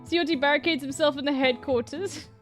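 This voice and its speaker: A woman's voice: sits high, steady tone, a little fast. A woman streamer, casually reading posts aloud and reacting, swearing freely. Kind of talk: live-stream reaction commentary. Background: faint music.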